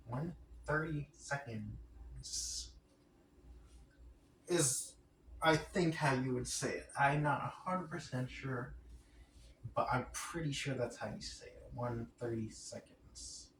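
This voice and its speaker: A vlogger thinks aloud to himself, unsure as he works out fractions, muttering and repeating words in a mid-range, fairly bright voice. He speaks slowly with frequent pauses, far from the mic in an echoey room with a noisy background.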